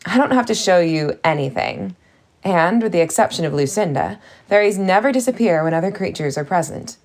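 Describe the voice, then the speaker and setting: A woman's voice: lowish voice, expressive, fairly quick. A woman voicing a bossy, motherly older fairy cook who talks brusquely and scolds. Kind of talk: audiobook character voice.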